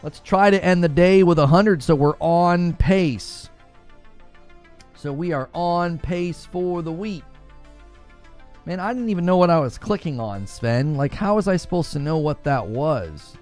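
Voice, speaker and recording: A man's voice: on the high side, expressive, unhurried, a little mellow, faint music behind. A man casually chatting with his live-stream audience, joking about slang and laughing often. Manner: joking, laughs often, mock-tough voices for quoted slang. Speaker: gaming streamer reading chat.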